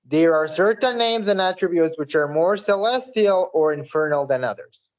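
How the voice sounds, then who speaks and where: A man hosts a podcast, talking loosely and swearing freely, his sentences full of fillers. His voice sits a little high. The sound is muffled and lo-fi. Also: lively intonation, normal speed. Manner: casual, profane, filler-heavy. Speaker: podcast host. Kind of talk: casual interview chat. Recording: dull lo-fi recording.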